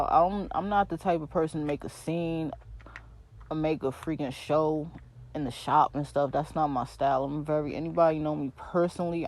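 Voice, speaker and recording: Slangy young New York woman ranting. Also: deep voice. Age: 20s. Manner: slangy, animated, talks straight to listeners. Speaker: podcast host. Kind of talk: casual storytelling rant.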